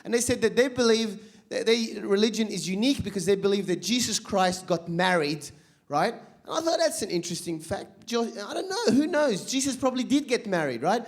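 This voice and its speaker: A man performing a stand-up routine on stage, talking fast and animated with rapid asides and lots of swearing. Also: high voice. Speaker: stand-up comedian. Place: stage at a live comedy show.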